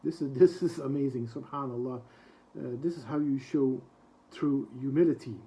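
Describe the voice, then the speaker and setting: In a rough recording, a man of medium pitch teaches a reflective book lesson. He rattles off quoted prayers quickly, then translates them at a slow pace, hesitating softly and often.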